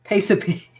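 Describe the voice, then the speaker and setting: A woman's voice: sits high, warm tone. An Australian woman chatting casually on a live stream as she works on a craft, laughing often as she explains slang to viewers. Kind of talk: casual live chat while working.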